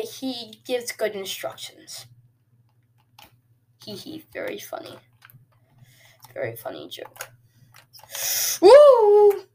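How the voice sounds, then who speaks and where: Excitable woman calling a football video game. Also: medium pitch, slight background noise. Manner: excitable and jokey, with sudden cheers and quiet asides. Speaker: host. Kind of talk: casual video game commentary.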